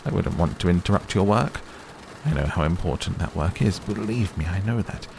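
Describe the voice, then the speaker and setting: A man's voice: low-pitched, animated, a little fast, vocal fry, background noise, voice pushed up. A man doing a cheery, pushy old tycoon. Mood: persistent. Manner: pushy, talks over others, distracted. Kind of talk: audiobook character reading.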